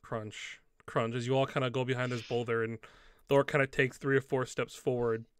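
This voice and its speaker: A man's voice: mid-range voice, level tone, brisk, a bit bright, clear, resonant tone, dry recording, clean studio sound. A man narrating a tabletop game as game master, in loose, rambling speech full of fillers.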